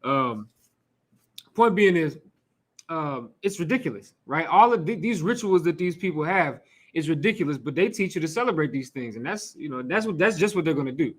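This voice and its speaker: A man's voice: fairly high pitch, expressive, normal speed. A man leading an informal sermon in a casual, conversational way, throwing out rhetorical questions, asides and the odd curse word. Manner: laughs and asides to the room. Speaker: teacher leading a scripture class.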